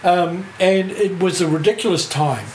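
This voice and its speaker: A man's voice: high-pitched, moderate pace. Older New Zealand man telling a rambling story. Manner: rambling, laughs through his story, swears freely. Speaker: guest, music writer. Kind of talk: casual anecdotal storytelling. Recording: echoey room with faint hiss.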